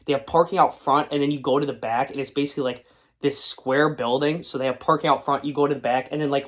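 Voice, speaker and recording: A young man telling a long, rambling anecdote in casual talk, full of fillers and acted-out quotes, speaking from his car. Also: mid-range voice. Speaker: comic collector and video creator. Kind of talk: casual storytelling to camera. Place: his car, in a parking lot.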